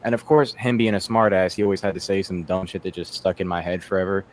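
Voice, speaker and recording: A man's voice: sits low, little pitch movement, fast talker. A young man doing a rambling, profane stand-up set on a video call, slipping into voices for the people in his stories. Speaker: stand-up comedian.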